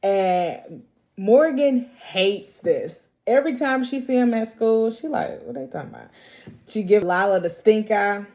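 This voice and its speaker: A woman vlogger recapping a TV episode in casual, slangy chat, acting out the characters' lines in quick bits. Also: medium pitch, lively intonation, warm tone. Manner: chatty and slangy, quotes characters in quick impressions; laughs often, talks straight to the characters.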